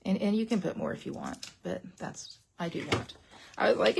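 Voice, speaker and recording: Over a webcam at her craft desk, a middle-aged woman teaches a live online card-making class, her gravelly voice fairly low and fairly quick, with slight background noise. She's chatty and rambling, and she drops to a whisper when excited.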